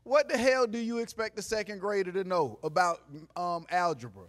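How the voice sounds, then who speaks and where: A man giving a motivational talk to a live audience in a room, preachy, asking the crowd questions, going from quiet to loud. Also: high voice, moderate pace. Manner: preachy, call-and-response, swings from soft to loud. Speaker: motivational speaker.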